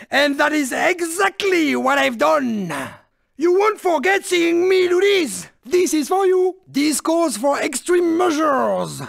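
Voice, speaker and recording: Sneaky little french car from a game, high gravelly voice, swoops around a lot, taunts everybody. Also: male voice, a bit bright, dry recording, studio quality, full character voice. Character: shifty little three-wheeled French car, male, spiteful and gleeful. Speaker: game character. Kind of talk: video game voice clips.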